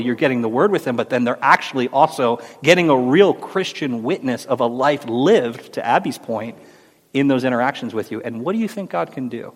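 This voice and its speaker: A man hosting a Christian talk show, speaking earnestly and encouragingly in a preacherly way. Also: medium pitch. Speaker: host. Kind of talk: faith discussion on a Christian podcast. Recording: roomy with long reverb.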